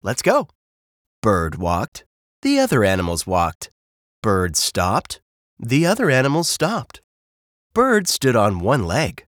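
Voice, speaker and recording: Slow, expressive male storyteller. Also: lowish voice, dry recording, studio quality. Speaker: narrator. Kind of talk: storybook read-aloud.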